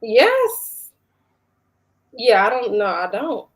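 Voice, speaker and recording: A woman from Chicago with a Chicago accent, giving her opinions in a relaxed, frank way during a casual panel chat. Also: fairly high pitch, extremely slow, crowd noise. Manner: laid-back, opinionated.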